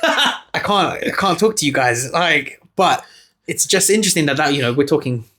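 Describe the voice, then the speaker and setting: A man co-hosting a podcast, telling a story in animated casual chat and acting out the people he quotes. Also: on the high side, normal speed. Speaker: podcast co-host.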